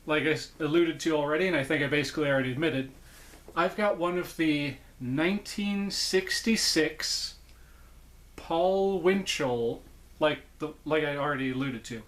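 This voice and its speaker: He's an eager channel host unboxing puppets from his collection in a loose, rambling vlog, frequently correcting himself. The voice is fairly high-pitched and a bit bright.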